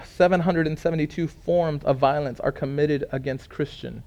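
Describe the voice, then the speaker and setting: A man, preaching a storytelling sermon, earnest and dramatic, dropping to a hush for emphasis. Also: on the high side, fairly even intonation, moderate pace, few pauses.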